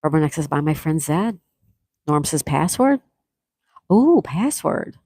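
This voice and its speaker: A woman's voice: deep voice, sing-song, unhurried, a little mellow, slightly rough, no echo, studio quality. A woman with a Buffalo, New York accent hosting a casual live stream, chatting and reading viewers' comments aloud before answering them. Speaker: livestream host.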